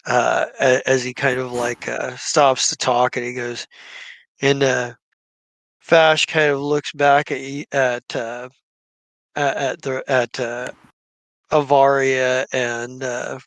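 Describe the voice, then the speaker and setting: A man narrating as game master in a tabletop game, halting with frequent fillers. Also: medium pitch, flat delivery, fairly bright tone, no echo.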